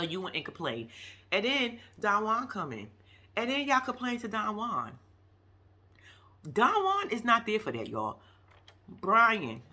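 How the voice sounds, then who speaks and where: A woman recaps a reality show episode in a loose, casual commentary. Her voice is bright and sharp, and she's blunt and profane, scolding the cast as she goes. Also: fairly low pitch.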